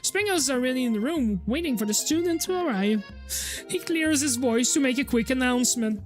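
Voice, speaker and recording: French-accented girl streaming a game, high voice, swears a bit, chats to chat. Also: animated, brisk, soft background music. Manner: casual, swears, reacts to chat. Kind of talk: reading a game aloud on stream.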